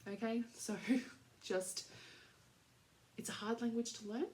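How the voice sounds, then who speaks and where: A woman's voice: on the high side, fairly even intonation, slow, darkish tone. An Australian woman in her thirties hosting a podcast, chatting casually in a rambling way with lots of fillers and little laughs. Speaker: podcast host. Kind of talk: casual chat.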